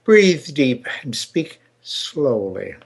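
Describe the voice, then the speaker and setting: An older man hosting a podcast, talking casually and telling a joke with halting repetitions. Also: mid-range voice, very animated, creaky, slightly rough. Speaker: show host.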